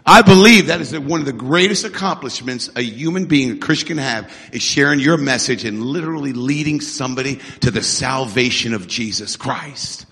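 A middle-aged man preaching a sermon with energetic call-and-response, in a church hall. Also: medium pitch, moderate pace, hardly any pauses. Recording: echoey hall.

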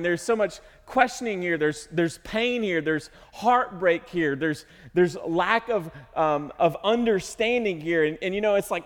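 A fairly high-pitched man preaching with earnest emotion, his voice climbing into pleading cries. Long reverb trails behind him, like a large sanctuary. He sounds like a pastor sharing his heart with a congregation. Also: lively intonation, normal speed, few pauses. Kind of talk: sermon.

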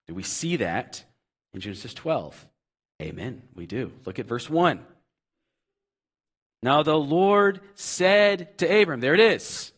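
Earnest and repetitive, a man preaches a sermon as a pastor. He alternates between loud, emphatic peaks and soft, low asides.

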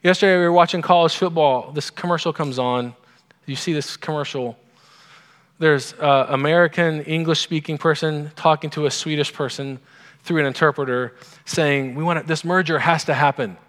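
A man's voice: fairly high pitch, steady tone, normal speed, a bit bright, clean tone. A male pastor giving a conversational sermon, informal and asking the congregation questions. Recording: long hall reverb.

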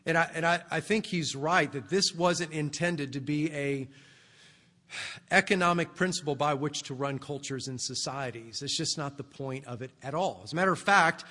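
A man preaches in a conversational, explaining manner, his voice sitting high with a bright, forward tone. Long reverb from a large church sanctuary hangs after each phrase. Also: normal speed. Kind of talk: expository sermon.

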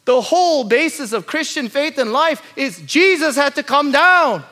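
A man preaching a sermon as pastor, moving from quiet low asides to loud, urgent pleading and repeated rhetorical lists. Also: lively intonation, normal speed.

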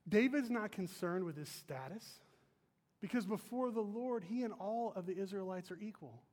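A man's voice: sits high, moderate pace, a little mellow. A man preaching a sermon as pastor, earnest and emphatic, speaking in a church sanctuary. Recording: long reverb of a large hall.

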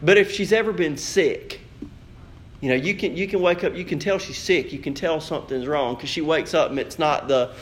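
Young male pastor, lively storytelling sermon, voice a bit on the high side. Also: moderate pace, a little hiss or hum. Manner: storytelling, animated, acts out quotes.

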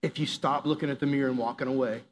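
A man's voice: mid-range voice, steady tone, fast talker, a little hiss or hum. A young man giving a conversational, earnest youth sermon, acting out inner voices and prayers. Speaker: youth pastor.

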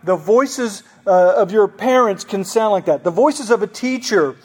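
Pastor, male, high voice, chatty sermon delivery with questions to the room. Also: animated, unhurried. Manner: conversational, asks the congregation questions.

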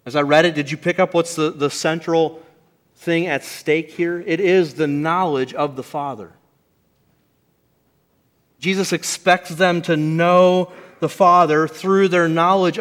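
A man preaching a sermon to a congregation, earnest and emphatic, slowing down to stress key phrases. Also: a little high, steady tone, a bit bright. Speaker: pastor. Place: church service before a congregation.

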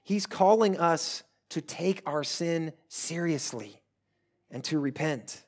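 A male pastor preaching a sermon earnestly, swelling loud at times and dropping to hushed pleas. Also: fairly high pitch, slow pace.

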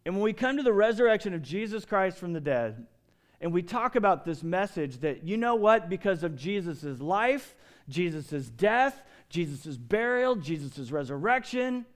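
Storytelling male pastor, fairly high voice. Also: normal speed. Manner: storytelling with lively swings in pitch and loudness. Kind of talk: sermon.

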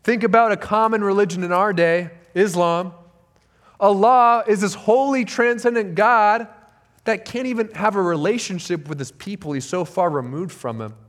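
A male pastor with a noticeably high voice delivers a sermon. He speaks earnestly and with emphasis, leaning on repeated phrases to drive each point home. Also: normal speed.

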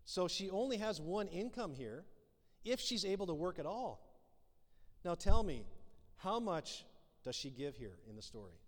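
A man's voice: high voice, very animated, moderate pace, pauses often. A man preaching a sermon as pastor, acting out the dialogue in his illustrations. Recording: long hall reverb.

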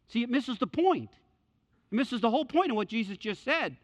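A middle-aged male pastor with a voice that sits high preaches a little fast. Through repeated phrases and acted-out voices, he brings his sermon stories to life, though the lo-fi recording is dull and echoes with hall reverb.

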